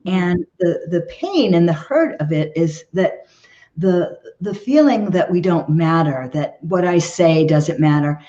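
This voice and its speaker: A woman's voice: lowish voice, unhurried, dark tone, dull audio. A woman guesting as a relationship expert, talking earnestly in an interview and often checking in with "okay?". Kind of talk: conversational interview advice.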